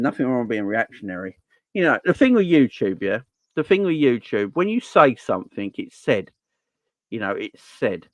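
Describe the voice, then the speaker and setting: A man of middle pitch hosts a casual live-stream Q&A for his football channel. He talks earnestly and energetically, circling back to repeat his phrases for emphasis. His voice sounds close and dry, with no room around it. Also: no room sound.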